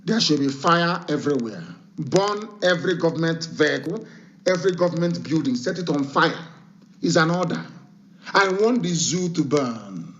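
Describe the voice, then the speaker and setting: A man's voice: on the high side, lively intonation, normal speed, fairly bright tone. A man giving an impassioned live radio address, commanding and repeating his orders for emphasis, his voice still not fully recovered from illness. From Nigeria. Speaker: broadcaster addressing supporters. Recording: dull lo-fi broadcast audio.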